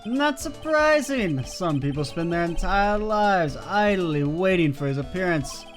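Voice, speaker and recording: A man voicing a suave male prosecutor in a game read-aloud, speaking slowly and smugly, with music playing faintly. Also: high-pitched, lively intonation. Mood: cryptic.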